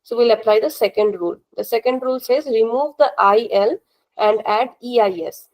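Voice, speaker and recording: A woman's voice: a little high, brisk, a little mellow, low-quality recording. A woman teacher, patiently explaining grammar rules during a live online class, repeating points and checking that students follow. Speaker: language teacher.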